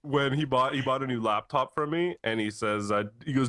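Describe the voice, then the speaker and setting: A man, hosting a late-night tech podcast, telling a story in a casual, animated way with frequent laughs. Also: mid-range voice, brisk, noisy background. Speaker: podcast host, computer repair tech.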